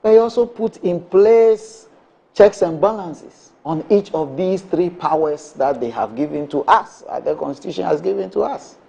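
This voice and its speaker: A man's voice: high voice, expressive, moderate pace, creaky, mellow, slightly rough. Emphatic man arguing on air. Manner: emphatic, repeats points, rhetorical questions. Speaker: political panelist. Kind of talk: morning show debate. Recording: dull lo-fi broadcast sound.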